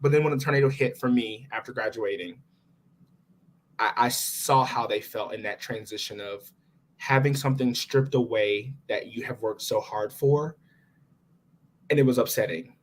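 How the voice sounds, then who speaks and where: A man's voice: mid-range voice, moderate pace, slight background noise. A young man in his twenties, a podcast guest, telling his story casually and with feeling, quoting his own thoughts. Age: 20s. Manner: animated, expressive retelling with quoted inner thoughts.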